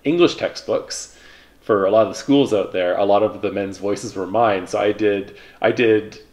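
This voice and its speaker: A man in his thirties casually telling stories about his past, relaxed and rambling, with lots of fillers. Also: lowish voice, normal speed. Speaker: vlogger, pilot. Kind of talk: casual reflective storytelling.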